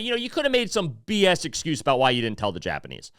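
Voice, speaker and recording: Animated man hosting a podcast. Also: medium pitch, fast, hardly any pauses, clear, resonant tone, dry recording, studio quality. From United States. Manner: profane, rambling, with many fillers. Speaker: podcast host. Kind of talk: casual commentary podcast.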